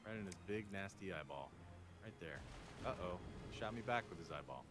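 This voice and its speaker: A relaxed American man rambles and jokes as he plays, his low-pitched voice swinging widely in melody. Clear game music runs behind him. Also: a little fast. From United States. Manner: relaxed, chatty, joking. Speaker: stream guest. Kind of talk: casual chat while playing a game.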